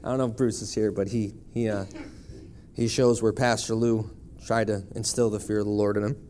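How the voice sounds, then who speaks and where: A man's voice: lowish voice, flat delivery, a little fast, dark tone, slight background noise. A man in his thirties from Buffalo, New York, giving a personal testimony in church with a wry, conversational storytelling manner. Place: church sanctuary.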